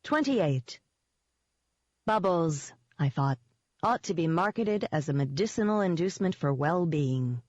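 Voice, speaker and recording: An audiobook narrator reads a first-person fantasy novel at a steady, measured pace. The audio sounds dull, with muffled highs, and is completely dry without any room echo.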